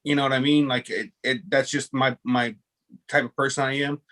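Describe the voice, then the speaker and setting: Hosting a casual video call, a man speaks at a moderate pace in a mid-range, fairly bright voice with fairly even intonation. His stories meander with many restarts, and he teases himself along the way.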